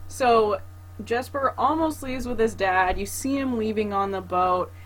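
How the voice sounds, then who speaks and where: Lady co-host recapping a movie, takes her time, expressive, squeaks now and then. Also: measured pace. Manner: expressive, drifts into squeaky put-on outbursts. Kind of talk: casual chat recapping a movie.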